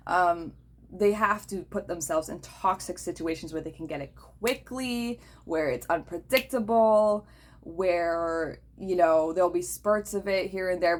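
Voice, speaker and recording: A woman with a somewhat low voice talks casually and bluntly. She swears freely and often pauses to ask her listener "okay?" Her delivery is direct and unfiltered. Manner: blunt, profane, checks in with "okay?". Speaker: host. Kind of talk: casual talk.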